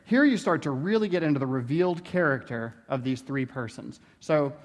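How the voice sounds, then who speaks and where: A man's voice: fairly high pitch, lively intonation, fairly quick, hardly any pauses, big-room sound. A man giving a theology lecture in a conversational way, tossing in "right?" and playful asides. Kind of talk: classroom lecture.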